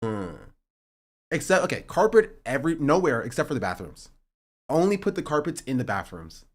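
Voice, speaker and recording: Young man, livestream chat, very lively pitch, sarcastic jokes, ranting at times. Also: moderate pace. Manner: joking and sarcastic, reading chat aloud; rising to animated ranting. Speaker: streamer.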